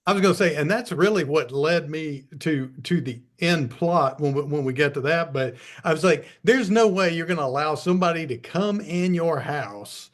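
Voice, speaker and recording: Man with a slightly high voice. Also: animated, moderate pace, hardly any pauses. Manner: conversational, agreeing with short replies. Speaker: podcast co-host. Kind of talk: casual movie discussion.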